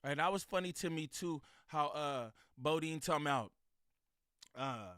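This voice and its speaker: A man hosting a casual reaction commentary, ranting in a profane, animated way between laughs. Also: on the high side, moderate pace, dry recording, studio quality. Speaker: show host reacting to clips.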